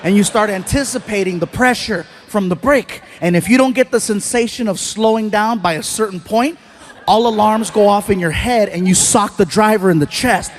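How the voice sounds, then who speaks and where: A man doing a stand-up comedy routine on stage, telling stories in an animated way with loud bursts. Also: sits high, normal speed, slight background noise. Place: stage before a live audience.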